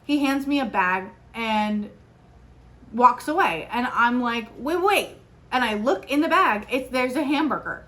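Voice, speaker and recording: A young woman hosting a podcast, telling a story in a chatty, animated way with lots of fillers. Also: on the high side, a little slow. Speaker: podcast host. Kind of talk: casual solo podcast chat.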